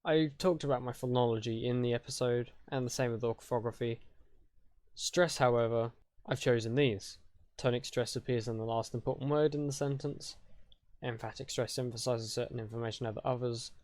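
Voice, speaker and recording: A man's voice: medium pitch, steady tone, normal speed, a little mellow, dry recording. Chatty man explaining grammar. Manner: chatty, loose, with fillers and self-corrections. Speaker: conlang tutorial host. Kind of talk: casual explanatory tutorial.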